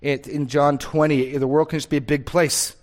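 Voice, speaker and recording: A man's voice: fairly high pitch, flat delivery, normal speed. A man preaching a sermon, earnest and emphatic, reading scripture aloud with rising force. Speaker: pastor.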